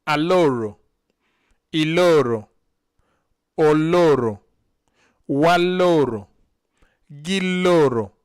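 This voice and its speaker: A man's voice: fairly high pitch, lively intonation, extremely slow, long pauses, clean tone. A man teaching vocabulary on a live stream, saying each word syllable by syllable and having a learner repeat after him. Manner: drills words syllable by syllable, then has the learner repeat. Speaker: language teacher.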